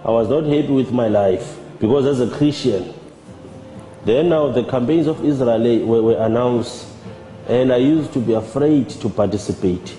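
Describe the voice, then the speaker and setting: Man, halting church testimony, deep mellow tone, echoing hall. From South Africa. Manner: measured, halting, with repeated words. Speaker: church member giving testimony. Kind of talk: personal testimony. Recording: roomy with long reverb and faint music.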